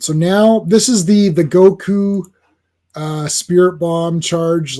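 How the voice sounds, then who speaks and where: High-voiced excitable male comic reviewer. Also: slow pace. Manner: excitable, rambling with fillers and restarts. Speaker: comic book reviewer host. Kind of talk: casual comic review chat.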